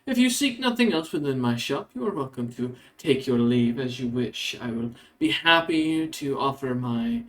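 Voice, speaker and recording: A man's voice: medium pitch, lively intonation, a bit bright, lightly acted, low-quality recording. A man playing an ancient, formal otherworldly shopkeeper. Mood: courteous. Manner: slow, formal, courteous.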